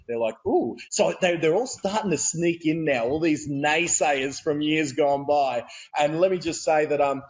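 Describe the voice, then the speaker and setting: A man with an Australian accent, a real estate coach telling stories as a guest on a video call, energetic and laughing as he goes. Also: fairly high pitch, normal speed, few pauses, lo-fi sound. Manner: energetic, laughing, repeats words. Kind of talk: animated storytelling.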